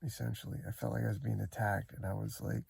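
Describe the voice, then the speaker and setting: A man with a deep, gravelly voice talks things through in a casual vlog from inside his van. His tone is husky and mellow, and he rambles and hesitates, circling back with regret over what happened. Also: little pitch movement, fast, dry recording. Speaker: van-dwelling vlogger. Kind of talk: casual spoken recollection.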